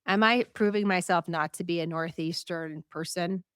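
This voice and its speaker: A woman hosting a news show, talking casually to a live audience in a chatty, animated way, laughing and asking viewers what they think. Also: fairly low pitch, normal speed, clean tone, no echo, clean studio sound.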